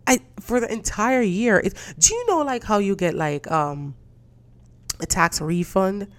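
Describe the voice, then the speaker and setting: A podcast host with a mid-range voice and lively intonation rants solo at a measured pace. She's casual, profane, and indignant, and her stories feature quoted voices.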